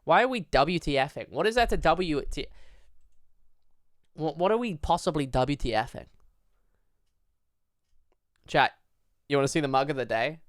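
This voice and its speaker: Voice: mid-range voice, lively intonation, moderate pace, pauses often, dry recording, studio quality. A livestreamer chatting casually at a home desk, rambling with lots of fillers and casual swearing. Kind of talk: casual live-stream chat.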